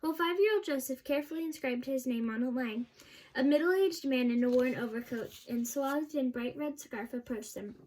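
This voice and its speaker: A woman reading a children's novel aloud, steady storytelling with small slips and restarts. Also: high-pitched, normal speed. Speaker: audiobook reader.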